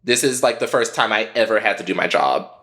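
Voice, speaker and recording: Man, podcast co-host, casual profane storytelling, bright tense voice. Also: lowish voice, a little fast. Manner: profane, animated retelling.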